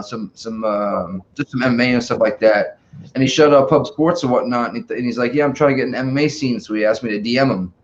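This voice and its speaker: A man rambles through a story, stumbling over fillers as he chats casually. His voice is mid-pitched, and the audio sounds dull and lo-fi. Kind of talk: casual chat.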